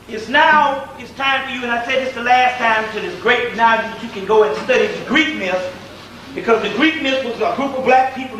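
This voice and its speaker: A man with a high, bright voice lectures informally, rambling and circling back with frequent "um"s. He sounds far from the microphone in a very echoey room. A faint hiss sits underneath. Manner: rambling, repetitive, with many "um"s and restarts.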